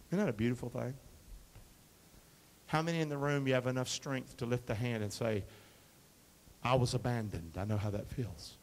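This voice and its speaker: A man preaching a sermon as pastor, quoting scripture and calling for responses from the congregation, shifting between quiet asides and loud emphatic lines. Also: mid-range voice, normal speed, long pauses. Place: church sanctuary. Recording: long reverb of a hall.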